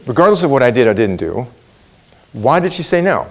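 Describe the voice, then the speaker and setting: A middle-aged man speaks from a conference stage in an easy, animated storytelling voice. His pitch sits in the middle range, and he lifts it for playful asides and punchlines. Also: a little fast. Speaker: keynote speaker. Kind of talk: conference keynote speech.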